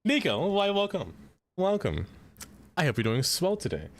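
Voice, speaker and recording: A man's voice: high voice, wildly swooping pitch, normal speed. A young man from the Allentown area chatting casually with his stream chat while playing a city-building game. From Allentown area, Pennsylvania. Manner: chatty, greets chat, laments abandoned rail. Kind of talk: casual gameplay commentary.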